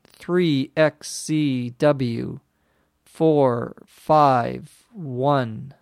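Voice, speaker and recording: A man voicing an injured young woman who speaks in halting, broken phrases and is out of breath. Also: deep voice, gravelly, a little mellow, no echo, studio quality, heavily acted. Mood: weak, strained.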